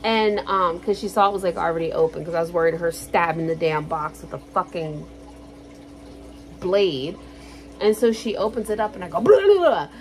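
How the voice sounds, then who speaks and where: Animated swearing woman telling stories. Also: on the low side, normal speed, a little hiss or hum. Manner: animated, swears freely, acts out quotes loudly. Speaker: vlogger. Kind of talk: casual storytelling.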